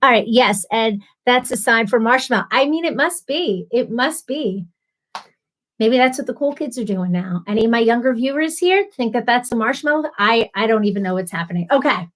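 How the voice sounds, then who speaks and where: A woman's voice: fairly high pitch, lively intonation, moderate pace. Chatty woman hosting a live stream. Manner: chatty, answers viewers by name, laughs often. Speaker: livestream host. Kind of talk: casual live-stream chat.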